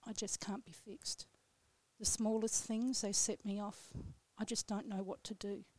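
Reciting her own poem as a radio guest, a woman speaks slowly and solemnly in a measured, level tone. Her slightly mellow voice sits mid-range with scarcely any pitch change. The studio sound is close and dry, with no room sound.

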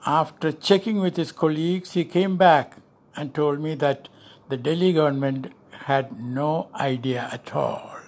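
An older man speaks with slow, deliberate emphasis, leaning on key words as he answers an interview question. His voice sits a little high for a man, and he takes his time. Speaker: interviewee, former ambassador. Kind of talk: deliberate spoken commentary.

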